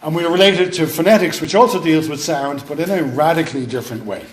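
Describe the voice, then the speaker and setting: Irish male lecturer, slightly high voice, rhetorical and playful, echoey hall. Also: fast talker, slight background noise. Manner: explanatory, asks rhetorical questions, playful. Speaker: university lecturer. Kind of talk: classroom lecture.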